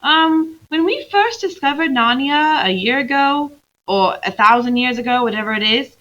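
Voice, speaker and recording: A boy who talks fast and eagerly, a little embarrassed, as a woman puts him on. The voice is bright and lively. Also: high voice, lo-fi sound, voice pushed up. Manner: quick, eager.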